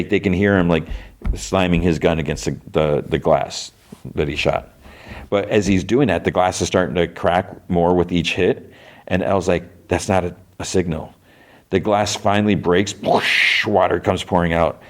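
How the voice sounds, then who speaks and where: A man's voice: low voice, normal speed. A man hosting a podcast, casually retelling a show's scenes, quoting characters with loose voice shifts and sarcastic asides. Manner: quotes characters with loose voice shifts, many fillers like "like". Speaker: podcast host recapping a series.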